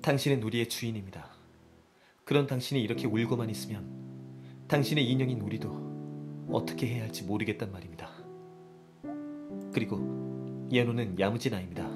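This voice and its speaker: A man's voice: on the low side, racing, pauses often, lightly acted. An actor playing a stern, formal young man doll who lectures his master, over game music. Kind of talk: game voice acting.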